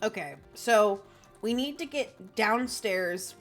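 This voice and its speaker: A young woman streaming a video game, talking in quiet, mumbled asides. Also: mid-range voice, lively intonation, slow pace, soft background music. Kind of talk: casual game stream chat.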